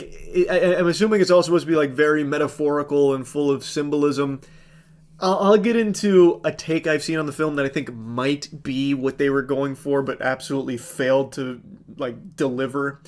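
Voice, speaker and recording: A man's voice: a little high, darkish tone. Exasperated, swearing male movie reviewer. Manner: exasperated, sarcastic, swears freely. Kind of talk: ranting movie review commentary.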